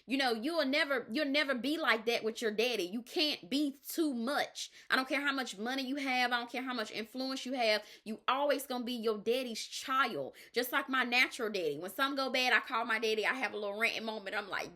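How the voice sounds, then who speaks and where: A woman's voice: fairly high pitch, a little fast, few pauses, sharp tone. A woman life coach, giving an emphatic faith-based pep talk and often checking in with "all right?".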